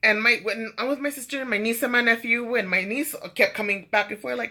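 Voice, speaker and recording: Bright, chatty woman vlogger for a casual storytime. Profane, rambling with fillers. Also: a little high, brisk, few pauses.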